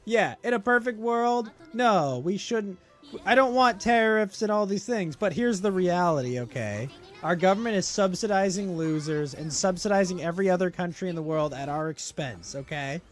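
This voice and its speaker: A man's voice: high-pitched, expressive, normal speed, soft background music. A man hosting a casual stream, ranting and mocking in a crude, joking way with bursts of laughter. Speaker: streamer host. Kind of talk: casual livestream chat.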